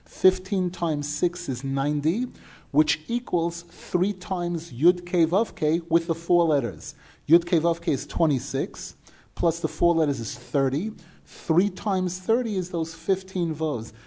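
Mellow-voiced man teaching a Torah class. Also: a little high, a little slow. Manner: explanatory, stresses key words, asks rhetorical questions.

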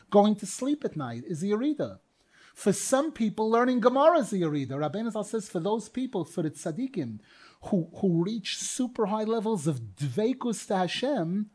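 A fairly high-pitched man teaches a Torah class, chanting each phrase of the text before explaining it with animated rhetorical questions.

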